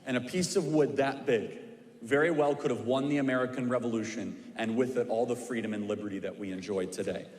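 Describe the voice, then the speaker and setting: A man's voice: mid-range voice, fairly quick, darkish tone. Man preaching in an echoey hall. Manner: storytelling with emphatic repetition. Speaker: speaker at a church civics event. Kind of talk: preaching a history story to a live audience. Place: large church auditorium. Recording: echoey hall with long reverb.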